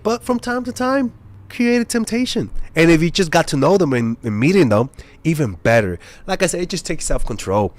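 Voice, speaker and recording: A young dating coach speaks to camera in a voice on the higher side, casual and blunt. He swears freely and tells stories with lively, animated energy.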